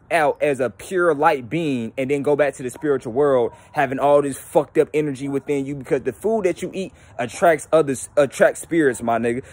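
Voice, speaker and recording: A young man hosting his own channel, talking casually and profanely about spiritual ideas, animated and slipping into mocking voices. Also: fairly high pitch, dry recording. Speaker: YouTube channel host.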